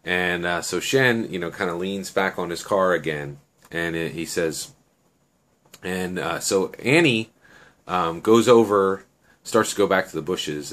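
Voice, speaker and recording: A man's voice: low-pitched, a bit bright. A man telling a story off the cuff, rambling with many fillers and self-corrections. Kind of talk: improvised oral storytelling.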